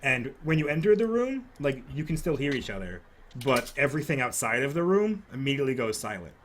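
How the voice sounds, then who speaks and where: A man's voice: mid-range voice, very animated, fairly quick, slight background noise. A man narrating a tabletop game as game master, loose and rambling, with many fillers.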